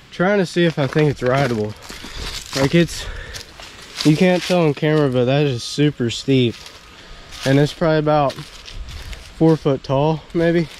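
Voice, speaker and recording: A man casually chatting while riding his mountain bike on wooded trails, talking into an action camera outdoors. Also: a little high. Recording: noisy outdoor action-cam audio.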